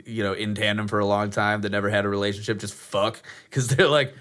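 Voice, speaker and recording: A man's voice: lowish voice, steady tone, fast talker, a bit bright. A man co-hosting a podcast, telling a story in casual chat, swearing freely and acting out quotes in funny voices. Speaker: podcast co-host.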